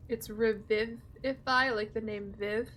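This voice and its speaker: A woman's voice: fairly high pitch, normal speed, fairly bright tone, a little hiss or hum. A young woman streaming a game, chatting casually with her viewers and swearing freely. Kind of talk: casual gameplay commentary.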